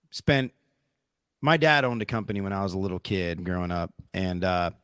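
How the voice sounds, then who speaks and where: A man's voice: sits low, dry recording. A man hosting a podcast, telling a reflective, rambling personal story in casual chat. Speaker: podcast host.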